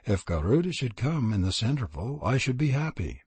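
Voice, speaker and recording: A man reading a storybook, voicing a compassionate young fairy prince who speaks gently and earnestly, with a husky voice. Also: medium pitch, sing-song, fairly quick, no room sound. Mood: serene.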